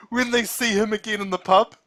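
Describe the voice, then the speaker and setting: A man with a slightly higher voice chats casually as a podcast co-host. He is animated and keeps slipping into acted-out quotes with laughing asides. It is an easygoing conversation between friends. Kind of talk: casual chat.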